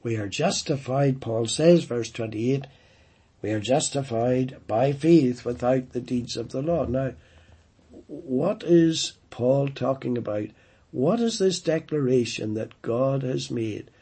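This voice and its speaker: A man's voice: medium pitch, slow, mellow, slightly rough. A man preaching a sermon, emphatic, repeating and stressing key phrases.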